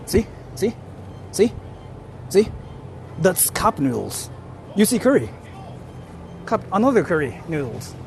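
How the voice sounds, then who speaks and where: A man's voice: sits high, sing-song, slow pace, vocal fry, long pauses, a little mellow, slight background noise. A man chats straight to his viewers in a loose vlog style, his voice swooping up and down with a lot of energy. He talks emphatically, keeps checking that his viewers are following, and drops a lot of filler words. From Japan. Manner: emphatic, repeats "see?" and "like" often, swears. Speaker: vlogger. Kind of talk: casual vlog talk to viewers. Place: walking through a convenience store.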